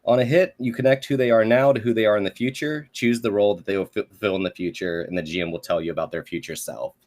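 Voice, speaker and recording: A man's voice: lowish voice, quick pace, darkish tone. A man describing his character's actions in a tabletop game and reading out a move, in a thoughtful way. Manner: thoughtful, reads rules aloud. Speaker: player.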